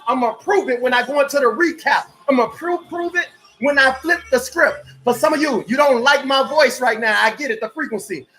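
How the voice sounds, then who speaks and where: A man giving motivational life coaching in a fervent, preacher-like way, often shouting and repeating rhetorical questions. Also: very high voice. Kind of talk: motivational coaching live stream.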